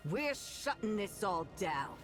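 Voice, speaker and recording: A woman's voice: mid-range voice, very animated, slow pace. An actress voicing a brash, street-tough female goblin crew boss in a video game. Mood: determined. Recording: game audio with music behind.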